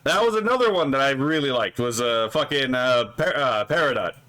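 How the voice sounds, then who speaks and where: A man's voice: mid-range voice, lively intonation, fairly quick, sharp tone, smooth. A man streaming casually, reading posts aloud and mocking them with profane, sarcastic asides, often tacking on "right?". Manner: frequent filler "right?". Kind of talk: casual live stream commentary.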